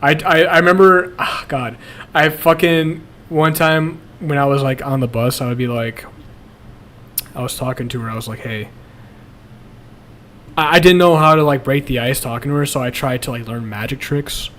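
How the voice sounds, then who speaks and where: A man's voice: medium pitch, normal speed, a bit bright. A young man streaming, chatting casually and bluntly about his past, swearing a lot and laughing at himself. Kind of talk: casual confessional chat.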